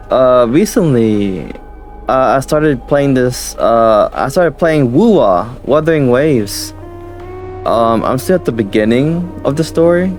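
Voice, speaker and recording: A sleepy male streamer drifts through a casual sign-off, talking slowly in a middle-pitched voice. He halts, restarts and trails off as he goes. Faint music plays softly underneath. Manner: rambling, halting, with many restarts and fillers. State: sleepy and tired, yawning.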